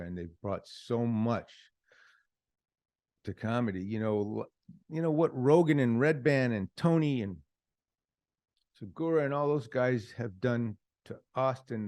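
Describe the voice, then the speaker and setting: A man's voice: lowish voice, darkish tone, no room sound. A man hosting a podcast in casual chat, praising things in a rambling, enthusiastic way. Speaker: podcast host.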